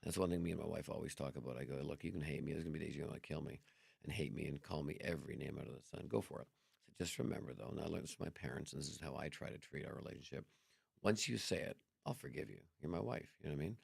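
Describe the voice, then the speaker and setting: Fast-talking gravelly deep-voiced man. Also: dry recording, clean studio sound. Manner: animated, acts out dialogue, swears freely. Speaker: podcast guest. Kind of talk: casual storytelling chat.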